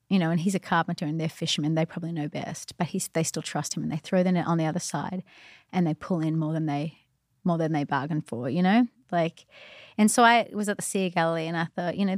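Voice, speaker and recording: Chatty low-voiced woman telling a story. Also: darkish tone, dry recording, clean studio sound. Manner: chatty, many "like" and "you know"; earnest, faith-filled. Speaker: guest. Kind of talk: casual storytelling conversation.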